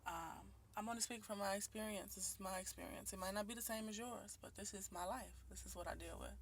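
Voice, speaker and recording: A woman's voice: mid-range voice, steady tone, fast talker, slight background noise. A woman in her late twenties from Detroit, talking candidly and earnestly into her phone camera, with many ums and restarts. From Detroit, Michigan, USA. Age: 20s. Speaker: vlogger. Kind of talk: personal video monologue. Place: at home and out in her neighborhood.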